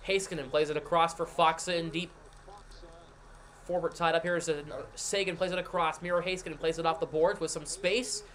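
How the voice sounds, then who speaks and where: Man calling hockey play-by-play, high voice. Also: steady tone, a bit bright. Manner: rapid, running call of each pass and shot, with asides to chat. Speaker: play-by-play commentator and stream host. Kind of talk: live hockey play-by-play over a scoreboard stream.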